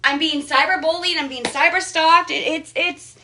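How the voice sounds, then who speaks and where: A young woman with a very high-pitched, sharp, steady voice delivers an emotional livestream rant from home at normal speed with few pauses. She goes on defensively, repeating herself as she rambles, in an echoey room with the mic held away and slight background noise.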